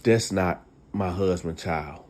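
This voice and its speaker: A man voicing a blunt woman friend spilling a secret, in a low, flat blurt close to his own voice. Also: takes it slowly.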